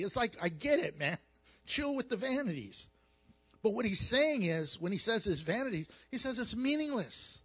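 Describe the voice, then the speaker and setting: A man preaching as a pastor, mixing scripture with jokes and animated storytelling. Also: very high voice, moderate pace, breathy edge. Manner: animated, jokey storytelling with acted asides. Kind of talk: sermon with humor.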